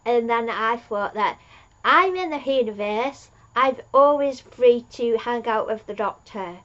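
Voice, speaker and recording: A woman recaps an episode at an unhurried pace, rambling from one thing to the next with many fillers and restarts. Her voice sits in a middle range. The recording sounds muffled and lo-fi. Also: medium pitch. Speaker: fan reviewer.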